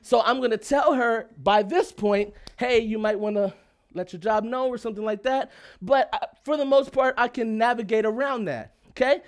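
A man telling a personal story in a lively, emphatic, casual way, often checking in with his listeners and laughing as he talks. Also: extremely high pitch, normal speed. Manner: laughs while talking.

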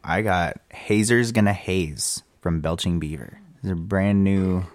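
Deep-voiced male co-host, laid-back and teasing, dry close sound. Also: unhurried, dry recording. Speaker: podcast co-host. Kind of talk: casual chat.

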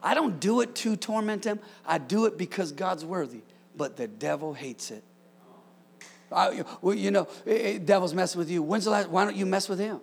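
High-voiced guy preaching, gets loud and excited, a bit of fry in the voice. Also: normal speed. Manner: excitable, shouts commands, jokes with congregation. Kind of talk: energetic sermon.

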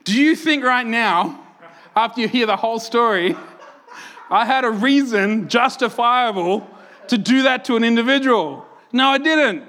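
Animated Australian pastor, bright high voice. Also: male voice, measured pace. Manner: animated, self-mocking, conversational, frequent "right?" and "like". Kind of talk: sermon with personal storytelling.

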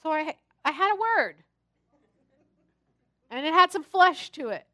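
A woman pastor preaching a sermon, telling personal stories in an animated, chatty and humorous way. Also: high-pitched, a little slow, no echo, studio quality.

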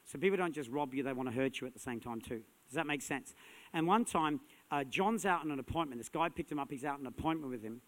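A man preaching a sermon as a pastor, energetic and punchy, building to loud emphatic peaks. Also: medium pitch, quick pace. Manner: energetic, punchy, rising to shouts.

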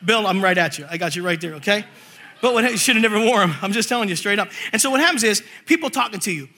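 A man preaching a lively, comic sermon to a church congregation, telling stories with acted-out quotes. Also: high-pitched, fast talker. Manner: animated storytelling with acted quotes and laughter.

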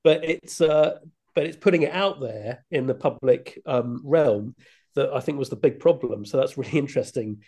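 A man's voice: mid-range voice, normal speed, dark tone. A man chatting on a football podcast, musing in a hesitant way with lots of ums. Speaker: podcast guest. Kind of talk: casual football podcast chat.

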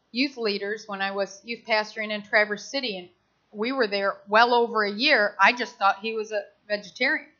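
A woman's voice: medium pitch, pushed and bright, dull audio. A middle-aged woman pastor preaching a sermon in an impassioned, conversational way, acting out quotes as she goes.

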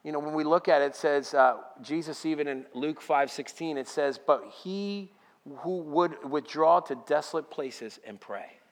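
A male pastor preaching a sermon, telling a personal story with lively quoted dialogue. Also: fairly high pitch, moderate pace, long reverb tail.

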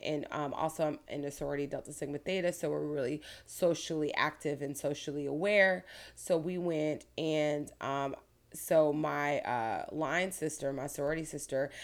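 A woman's voice: low-pitched, gravelly. A woman attorney from Florida giving earnest, detailed answers as an interview guest. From Pinellas County, Florida.

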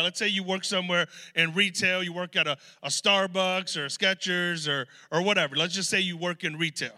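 Male preacher, high and very bright voice, animated conversational sermon, long hall reverb. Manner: conversational, animated storytelling with asides. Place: large hall.

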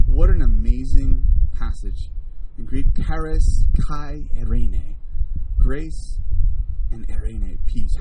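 Lively preacher, heard from a distance. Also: male voice, medium pitch. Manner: lively, asks the audience questions, jokey asides. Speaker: pastor. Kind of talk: live sermon to a congregation. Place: church service with a live audience. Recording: distant mic with steady background noise.

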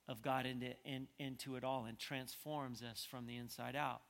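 A man preaching a sermon as pastor. He talks conversationally and swings from quiet stretches to emphatic peaks. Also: mid-range voice, a little fast, few pauses. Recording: long hall reverb.

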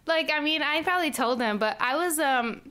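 A woman's voice: high voice, animated, a little fast, pushed and bright. A young woman co-hosting a casual chat, telling rambling stories and laughing often. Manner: giggly, rambling storyteller. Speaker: podcast co-host.

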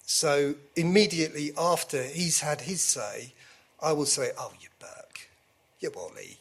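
A man in an open conversation, self-deprecating and given to jokes. His voice sits a little high and sounds husky. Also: fairly bright tone. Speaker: guest. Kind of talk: candid conversation.

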